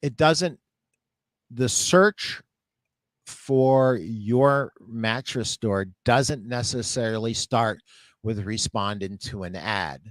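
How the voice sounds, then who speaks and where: An older man hosting a live question-and-answer show, giving business advice in a slow, measured way. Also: mid-range voice, no echo. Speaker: show host and retail consultant.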